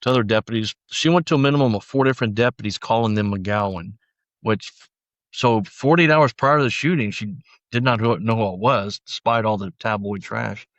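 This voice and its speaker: A middle-aged man speaks low and steadily as he recounts a long story, often restarting and acting out what others said. The recording is dry, with a slightly muffled, dull sound. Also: brisk, dry recording. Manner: storytelling, frequent restarts, acts out quoted lines. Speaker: former sheriff's deputy, guest.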